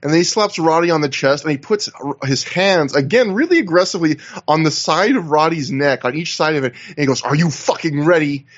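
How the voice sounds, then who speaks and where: Podcast co-host, male, slightly high voice, rambling recaps, muffled lo-fi call audio. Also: a little fast, hardly any pauses. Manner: rambling, animated recaps with acted-out quotes. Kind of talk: casual wrestling podcast chat. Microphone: video call.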